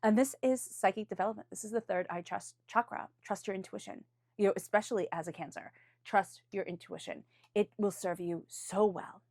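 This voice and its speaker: A woman with a mid-range, darkish voice briskly lays out a weekly tarot forecast, recorded dry at studio quality. She improvises in an earnest, uplifting way, often starting phrases over and sometimes invoking angels and spirit guides.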